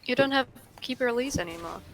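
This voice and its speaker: Bright gravelly-voiced dry co-host. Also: medium pitch, expressive, quick pace, faint music behind. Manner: dry, self-deprecating. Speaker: streamer and co-host. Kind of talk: casual live-stream chat.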